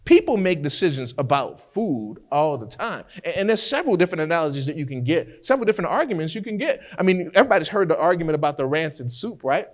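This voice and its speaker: Brief: male defense attorney giving a lecture with courtroom stories, higher-pitched, animated, stumbling restarts. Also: quick pace, hardly any pauses. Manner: animated storyteller who repeats words as he restarts. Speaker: criminal defense lawyer teaching trial skills.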